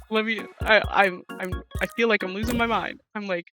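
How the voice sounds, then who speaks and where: Young woman gamer, exasperated casual rant, mid pitch, music clearly audible behind. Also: steady tone, moderate pace, few pauses, fairly bright tone. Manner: ranting, exasperated, self-interrupting. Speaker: gaming vlogger. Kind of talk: casual chat while playing a video game. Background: music under the talk.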